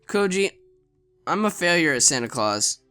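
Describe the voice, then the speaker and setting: A man putting on a sweet, clumsy young Santa girl from a visual novel, her voice soft and faltering. She sits a touch higher than his usual register, with a bright, clear edge. Faint music plays underneath. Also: sing-song, normal speed. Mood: tearful. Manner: soft, tearful, faltering speech. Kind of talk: visual novel read aloud.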